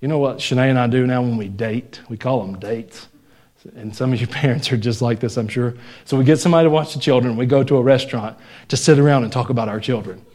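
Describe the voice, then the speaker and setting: Here the young preacher moves at a quick pace, his voice a little mellow. He chats with the congregation, trading jokes and laughter, and gets louder and higher whenever he emphasizes something.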